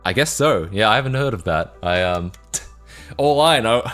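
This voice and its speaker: A young Australian man with a fairly low voice talks loosely on a live stream and answers chat as he goes. He mocks himself, laughs often and rambles in a relaxed way. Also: normal speed, faint music behind.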